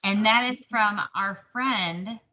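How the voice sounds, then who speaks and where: A woman's voice: mid-range voice, slow pace, pushed and bright. A woman co-hosting a casual stitching chat, talkative and self-deprecating. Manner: chatty, self-deprecating, laughs often. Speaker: podcast co-host. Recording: slightly dull lo-fi sound.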